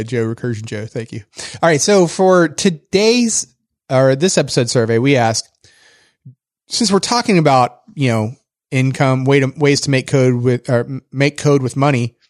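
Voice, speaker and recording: A man co-hosting a casual tech podcast, joking around and reading a sponsor spot with animated energy. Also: medium pitch, moderate pace, no room sound, clean studio sound. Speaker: podcast co-host.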